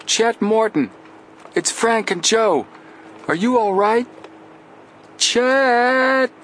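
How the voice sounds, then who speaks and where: A man voicing an eager, impulsive teenage boy sleuth who shouts in a high, excited voice. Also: extremely slow, slight background noise, full character voice.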